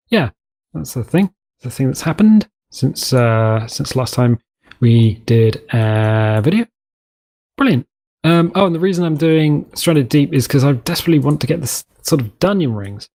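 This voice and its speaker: A man's voice: medium pitch, lively intonation, moderate pace, gravelly, dark tone. A man giving rambling, self-mocking commentary while building in a game's map editor, now and then dropping into silly voices. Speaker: gameplay commentator. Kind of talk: casual let's-play commentary.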